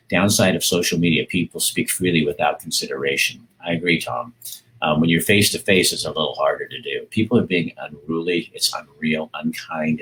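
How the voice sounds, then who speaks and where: A man's voice: extremely low pitch, fairly bright tone, poor audio. A middle-aged man talking casually on a live stream, rambling with many fillers and greeting viewers as they join. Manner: rambling, hesitant, reads out viewer comments. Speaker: vlogger hosting a live stream.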